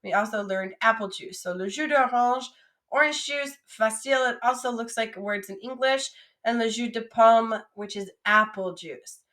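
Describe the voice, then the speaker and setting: High-voiced woman teaching a vocabulary lesson. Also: fairly bright tone. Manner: slow, drawn-out modelling of each French word, then quick English asides; encouraging, coaxing students to repeat after her. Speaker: French teacher.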